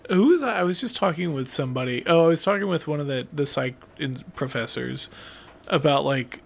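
Gravelly man in casual chat. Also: fairly high pitch, animated, fairly quick. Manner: chatty, laughs often, trails off mid-sentence.

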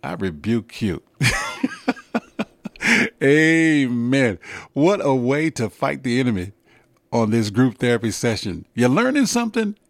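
A man hosting a gospel music radio show, talking in a slow, emphatic, preacherly way with sudden high rises. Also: very animated, gravelly, dry recording. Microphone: studio microphone.

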